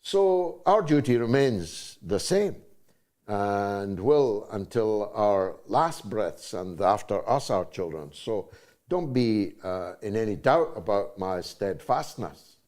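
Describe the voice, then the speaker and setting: Impassioned older Scottish man, slow and lively. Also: lowish voice. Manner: impassioned, emotional. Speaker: host. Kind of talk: political talk show.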